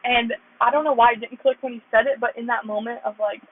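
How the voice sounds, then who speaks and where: A woman's voice: on the high side, steady tone, fast talker. A young American woman earnestly telling her faith testimony in a rambling way, full of "like". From United States. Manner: earnest, rambling, heavy use of "like". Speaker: vlogger sharing her testimony. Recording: tinny phone-like sound.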